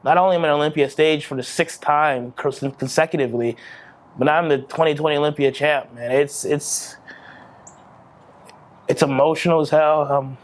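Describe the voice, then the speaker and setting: Speaking at a normal speed with a fairly high pitch and fairly even intonation, this bodybuilding champion in his thirties gives an emotional, candid interview after his win. Profanity comes easily to him, and he often starts sentences over.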